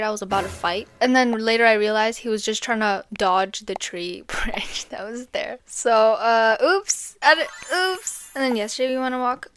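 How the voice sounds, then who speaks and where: A woman's voice: fairly high pitch, fairly bright tone. A teenage girl chatting casually and telling funny stories over gameplay, giggling and squealing in her quoted reactions. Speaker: gaming vlogger.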